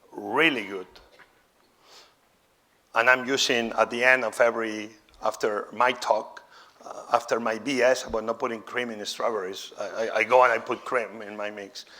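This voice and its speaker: This chef, not a native English speaker, lectures during a live cooking demonstration, by turns showy and exclamatory, then candid and talkative. His voice is mid-range and sharp in tone.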